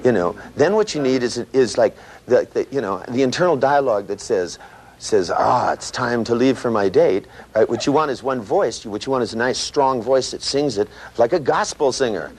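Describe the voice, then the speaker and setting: Animated, profane male seminar trainer. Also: medium pitch, moderate pace, slightly rough. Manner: animated and profane, acting out voices and sound effects. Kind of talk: live seminar lecture. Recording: noisy live seminar recording.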